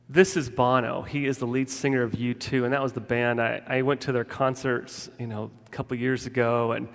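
Here a pastor tells stories informally through a conversational sermon, often backing up to restart what he's saying. His voice is mid-range and creaky, and the recording carries the long reverb of a large hall.

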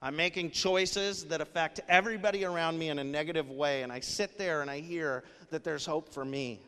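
A man's voice: fairly high pitch, fairly quick, a bit bright, clean tone. A male pastor preaching a sermon in an earnest, conversational way, with casual fillers. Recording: long hall reverb.

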